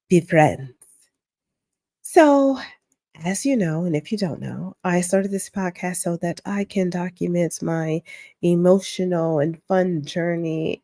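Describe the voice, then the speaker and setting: A woman's voice: lowish voice, mellow, no echo. Candid woman podcast host, dry close sound. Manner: candid, reflective, conversational. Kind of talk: casual solo podcast talk.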